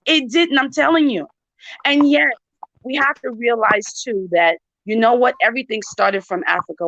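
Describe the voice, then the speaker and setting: A woman's voice: on the high side, a bit bright, dry recording. Emphatic chatty New woman. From New York. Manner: emphatic, chatty, addresses viewers directly. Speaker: channel host. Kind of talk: casual talk to viewers. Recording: dry, dull lo-fi sound.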